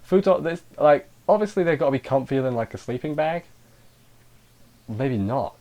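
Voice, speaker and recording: A man's voice: medium pitch, lively intonation, normal speed, warm tone. A man giving a casual spoken anime review, rambling along and interrupting himself with jokey side remarks.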